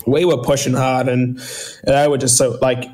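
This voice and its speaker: A young man from New Zealand, a guest athlete chatting casually in an interview, relaxed and rambling with many fillers and restarts. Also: mid-range voice, normal speed, slightly rough. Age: young adult. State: recovering from illness.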